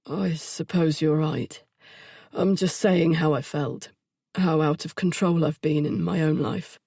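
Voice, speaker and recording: A woman voicing a troubled young man in an audiobook, speaking softly and haltingly as he confesses. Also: sits low, steady tone, creaky, slightly rough, no echo, studio quality, heavily acted. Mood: remorseful. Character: troubled young adult man, weary and remorseful.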